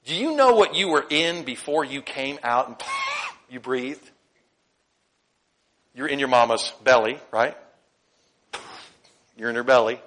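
A man's voice: mid-range voice, expressive, unhurried, long pauses, a bit bright. A male preacher delivering a conversational sermon, asking the congregation questions and laughing often.

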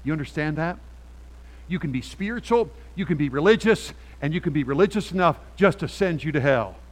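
A middle-aged male pastor preaching a sermon on a handheld mic, animated and emphatic, swinging from quiet asides to loud peaks. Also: a little high, fairly quick, in a large hall.

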